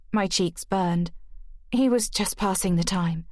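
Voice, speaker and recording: A woman narrating a first-person mystery audiobook in a steady, even manner. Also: fairly low pitch, measured pace, dry recording, studio quality.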